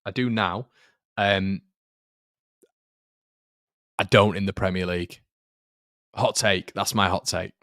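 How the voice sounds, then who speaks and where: Chatty football fan host. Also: male voice, low-pitched, fairly even intonation, slow pace, pauses often, fairly bright tone, no echo, clean studio sound. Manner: chatty, repeats phrases, reads viewer comments. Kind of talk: casual live-stream football chat.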